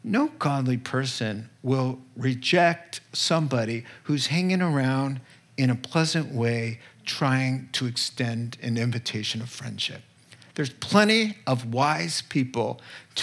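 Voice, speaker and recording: A man's voice: mid-range voice, lively intonation, slow, fairly bright tone. A man preaching a conversational sermon from Proverbs, candid and often checking in with his listeners. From northeastern United States. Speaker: pastor.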